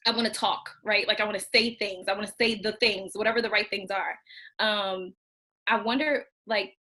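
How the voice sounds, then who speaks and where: A woman's voice: medium pitch, a bit bright. A woman interviewer asking thoughtful, searching questions in a casual conversational way.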